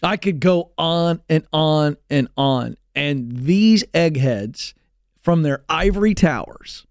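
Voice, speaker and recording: A man's voice: measured pace, clear, resonant tone, no room sound. A man hosting a talk show, ranting sarcastically in an opinion monologue in a studio. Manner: sarcastic and ranting, big swings in pitch. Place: radio studio.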